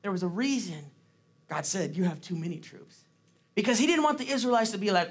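Quick-paced and lively in intonation, this medium-pitched preacher keeps his sermon casual and conversational. Fillers and restarts abound as he laughs a lot and performs the quotes he cites.

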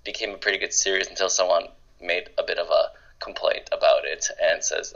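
Male podcast guest, low voice, upbeat and slangy, dull lo-fi audio. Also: brisk, creaky, hardly any pauses, fairly bright tone. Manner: upbeat, slangy, fond of "man" and "dude". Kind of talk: casual podcast interview chat.

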